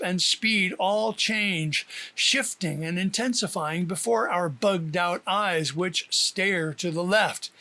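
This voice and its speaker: A man narrating his own book aloud as an audiobook, telling the story in a lively, expressive way. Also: high-pitched.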